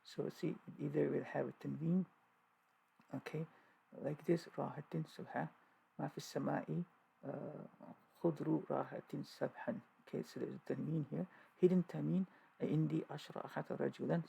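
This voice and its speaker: A man explains grammar in a loose, informal lesson, stopping often to restart and repeat his terms. His voice is deep in fry and gravel, husky rather than clear. The tone is dark and mellow, pitched a little above average. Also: steady tone, poor audio. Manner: halting, many fillers and restarts, repeats terms. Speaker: Arabic grammar teacher.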